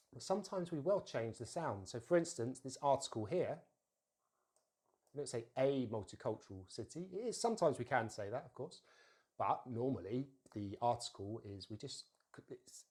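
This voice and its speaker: A man teaching an English pronunciation lesson, saying model words slowly and repeating them for practice. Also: mid-range voice, darkish tone.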